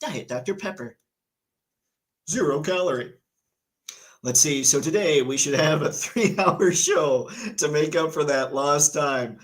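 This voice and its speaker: A man hosting a casual live stream, chatty and excitable, reading viewer comments and news aloud. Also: fairly high pitch, a little slow, low-quality recording. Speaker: livestream host.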